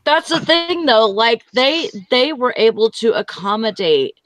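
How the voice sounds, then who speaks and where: A woman's voice: fairly high pitch, expressive, a little slow, a bit bright, dry recording, poor audio. A woman hosting a live talk show, rambling with lots of fillers. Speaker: host. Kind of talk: casual chat.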